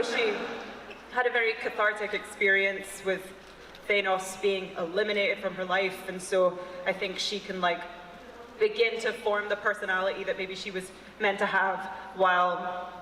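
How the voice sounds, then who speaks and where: A woman's voice: medium pitch, steady tone, normal speed, fairly bright tone, slight background noise. A woman answering playfully as an actress on a convention panel. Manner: giggly, playful. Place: large convention hall stage. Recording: echoey hall with long reverb.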